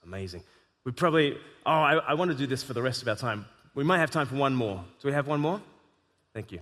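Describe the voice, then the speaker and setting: Animated man in an echoey hall. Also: medium pitch, quick pace. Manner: animated, emphatic storytelling. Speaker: host. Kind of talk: live conversation on stage.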